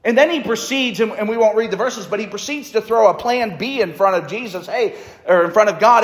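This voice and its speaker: A man's voice: high-pitched, normal speed. A man preaching a sermon in a conversational way, reading scripture aloud. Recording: echoey hall reverb.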